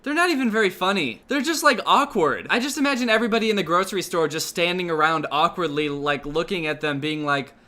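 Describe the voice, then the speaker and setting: A young man giving sarcastic, deadpan comedic commentary on online videos, with sudden loud outbursts. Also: sits high, quick pace, few pauses. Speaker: commentary youtuber.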